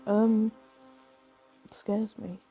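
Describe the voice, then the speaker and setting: A woman in her thirties with vocal fry, tired from lack of sleep, chatting casually and rambling with lots of fillers while playing a video game. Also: medium pitch, flat delivery, very slow, dull audio, soft background music. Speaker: game streamer. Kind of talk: casual let's-play commentary.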